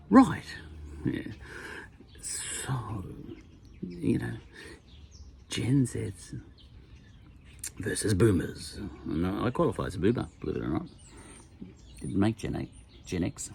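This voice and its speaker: An Australian man in his sixties speaks in a low, deeply gravelly voice. His pitch rises and falls with lively swings as he rambles through an offhand podcast monologue. He drops wry asides and chuckles as he goes. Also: takes it slowly, long pauses, a little hiss or hum. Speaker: podcast host.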